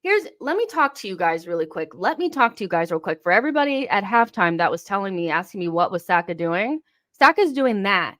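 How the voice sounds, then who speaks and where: A young woman hosting a live football watchalong, reacting to the match, swearing and shouting at the players. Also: medium pitch, big pitch swings, brisk.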